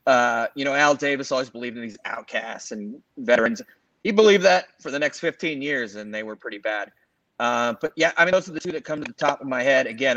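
A man's voice: medium pitch, pushed and bright, dry recording, low-quality recording. Rambling man in casual sports chat. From Los Angeles area. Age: 40s. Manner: rambling, self-correcting, fond of fillers. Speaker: podcast co-host.

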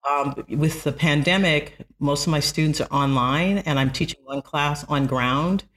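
Woman, college math instructor, bright forceful voice, lively storyteller in interview. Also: low-pitched. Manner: animated storyteller, quick to laugh. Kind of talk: conversational podcast interview.

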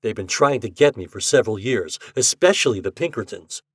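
A man's voice: medium pitch, lively intonation, a little fast, breathy edge, no room sound, clean studio sound. A man voicing a breezy, slangy young American con man in a story reading. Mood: confiding. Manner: breezy, amused slangy talk. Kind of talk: audiobook character reading.

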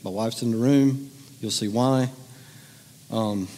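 Middle-aged male pastor, playful conversational sermon delivery, mid-pitched voice, reverberant hall sound. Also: takes it slowly, noisy background. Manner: joking, conversational, teasing the audience. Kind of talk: humorous sermon to a congregation. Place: church hall with audience.

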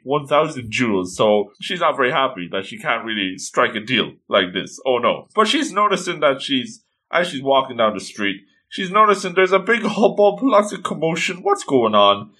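A man's voice: medium pitch, big pitch swings, moderate pace, few pauses, pushed and bright. A man casually recapping a cartoon episode in a playful, chatty way, slipping in character voices. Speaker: anime recap host.

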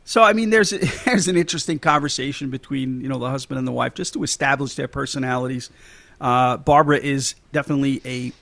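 A man's voice: mid-range voice, fast, vocal fry, fairly bright tone, no room sound. A man hosting a casual movie podcast, chatty and laughing often, with many fillers and restarts. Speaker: podcast host.

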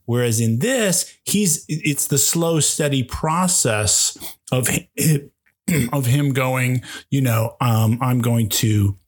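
A man's voice: mid-range voice, slow pace, slightly rough. A man co-hosting a film podcast, talking casually with friends in a playful, hesitant way. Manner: playful, hesitant, trailing off into laughs. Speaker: podcast co-host. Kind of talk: casual chat.

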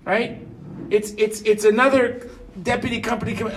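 A man's voice: extremely high pitch, steady tone, normal speed, distant mic, a little hiss or hum. A man of fifty telling a personal story to listeners in a chatty way, often checking in with "right?". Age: 50s. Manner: chatty, keeps asking "right?". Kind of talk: personal anecdote told to listeners.

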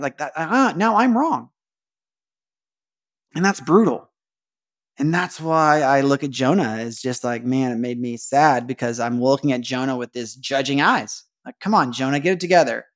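A man's voice: mid-range voice, moderate pace. A man hosting a casual devotional podcast, talking earnestly, repeating phrases and asking rhetorical questions. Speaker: podcast host.

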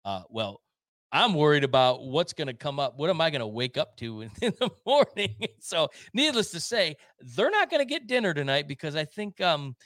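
Speaking at a normal speed, a man with a highish, fairly bright voice co-hosts a laid-back podcast, very animated as he rambles through stories. He fills them with restarts and filler words and laughs often, in an echo-free recording.

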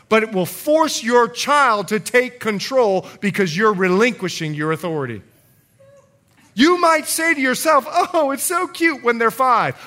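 A middle-aged man preaching a sermon as pastor, telling stories with lively, acted-out voices. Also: high-pitched. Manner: animated storytelling, acting out quoted voices.

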